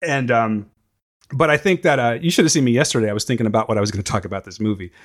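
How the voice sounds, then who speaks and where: A man's voice: mid-range voice, very fast. A man co-hosting a casual movie review podcast, emotional and choked up, swearing freely. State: tearful. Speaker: podcast co-host.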